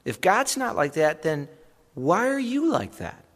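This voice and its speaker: A man preaching a sermon as pastor, talking in a conversational way and animated with asides. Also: high voice, a little slow, long reverb tail.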